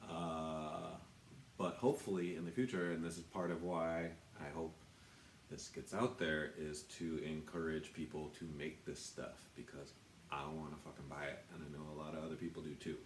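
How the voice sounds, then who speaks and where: Man, deep voice, self-deprecating, cursing, echoey room, faint hum behind. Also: flat delivery, moderate pace. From United States. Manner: rambling, self-deprecating, swears a lot. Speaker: tattoo artist. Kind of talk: casual product walkthrough. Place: tattoo shop.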